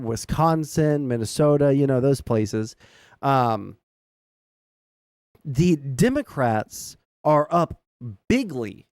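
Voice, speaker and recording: A man's voice: fairly high pitch, darkish tone, smooth, dry recording, clean studio sound. A man streaming casual political commentary, swearing and rambling off the cuff.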